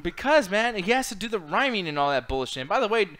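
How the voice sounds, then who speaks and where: A man's voice: sits high, very animated, fast, over a noisy crowd. A man co-hosting a casual online chat show, swearing freely and laughing often. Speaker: co-host.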